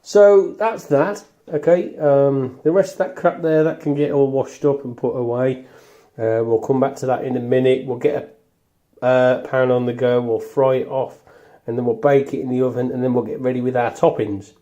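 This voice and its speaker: A man's voice: mid-range voice, fairly even intonation, normal speed, warm tone, muffled recording. A man with a West Midlands accent, from Wolverhampton, chatting jokily and rambling as he demonstrates a recipe at home, swearing now and then. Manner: jokey, rambling, swears casually. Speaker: home cooking video host. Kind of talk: casual cooking demonstration. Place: home kitchen. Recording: echoey kitchen, voice off-mic.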